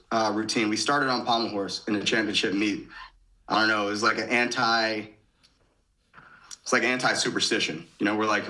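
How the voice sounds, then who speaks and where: A man's voice: mid-range voice, bright, forceful tone, poor audio. A man in his thirties from Michigan, a podcast guest casually retelling events and often quoting his own thoughts. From Michigan, USA. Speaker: podcast guest, former gymnast. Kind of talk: casual storytelling.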